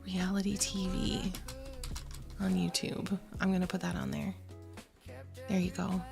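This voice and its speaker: Playful streamer woman, gravelly voice. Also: mid-range voice, little pitch movement, unhurried, pauses often, soft background music. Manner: playful, chatty, meows and giggles at chat. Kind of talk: casual live-stream chat.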